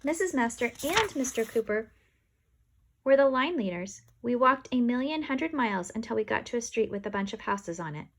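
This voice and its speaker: A woman reading a children's storybook aloud in a playful, expressive way. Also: fairly high pitch, normal speed. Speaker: audiobook reader. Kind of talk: storybook narration.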